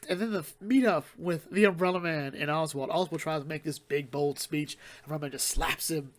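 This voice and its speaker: A man giving a casual solo comic book review, retelling plots quickly and rambling with fillers and restarts. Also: on the high side, steady tone.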